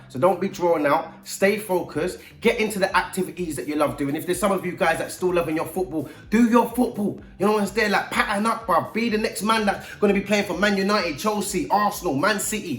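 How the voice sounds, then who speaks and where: A man's voice: sits high, fairly bright tone. A man with a London accent, speaking straight to young people as a mentor in emphatic street slang. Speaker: youth mentor. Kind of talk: direct-to-camera talk to young people. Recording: echoey room.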